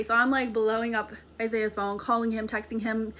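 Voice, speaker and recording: A woman's voice: a little high, level tone, moderate pace, sharp tone, a little hiss or hum. A young woman telling a storytime tale to her viewers, chatty and profane, with a lot of "like" in her talk. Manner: chatty and profane, heavy use of "like". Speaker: storytime vlogger. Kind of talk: casual storytime monologue.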